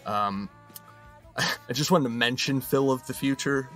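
A man's voice: mid-range voice, unhurried, a bit bright, soft background music. A man in his thirties co-hosting a podcast, running through a list in casual chat, chuckling and trailing off between items. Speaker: podcast co-host.

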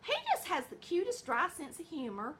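A woman's voice: high voice, sing-song, moderate pace, fairly bright tone, slight background noise. A middle-aged woman with a Southern US accent, chatting in a folksy, rambling way in her home kitchen, sounding tired. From American South. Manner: folksy, rambling, says y'all and honey. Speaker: vlog host, home cook. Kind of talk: casual chatty vlog.

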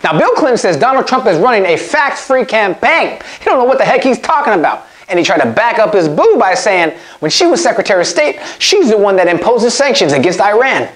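A woman hosting a comedy podcast, running through odd news stories in an animated, incredulous way and breaking into laughter. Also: mid-range voice, a little fast, hardly any pauses. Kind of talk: comic news rundown.

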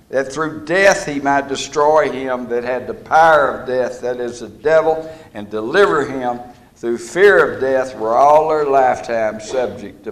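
A middle-aged man preaching a sermon, folksy and deliberate, leaning on key words. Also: medium pitch.

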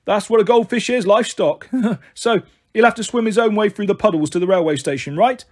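A cheery, wisecracking middle-aged cabbie with a raised, husky voice, as a man puts him on. He teases in a chatty, joking way. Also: high voice, a little fast, darkish tone, pitched above the performer's own voice. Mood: jokey. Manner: jokey, chatty.

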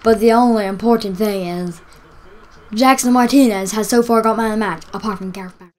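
A woman giving live commentary on a football video game, excitable, cheering and groaning as the play unfolds. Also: medium pitch, a little fast. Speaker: gaming YouTuber.

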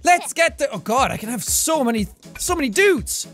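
A young man giving loud, excitable let's play commentary, swearing freely and swinging between shouts and mutters. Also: very high-pitched, normal speed, faint music behind. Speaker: gaming YouTuber.

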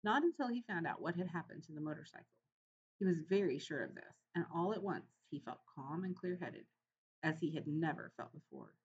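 A woman reads a children's chapter book aloud, expressive and storylike. Her pitch sits a little low but moves a lot. The recording is a bit muffled with a faint hiss. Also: fairly quick. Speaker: audiobook reader. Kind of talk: storybook narration.

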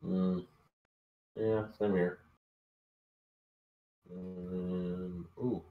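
Deep-voiced man musing over a game. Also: flat delivery, extremely slow, phone-quality sound. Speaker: tabletop game player. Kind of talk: casual game chat. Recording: echoey room.

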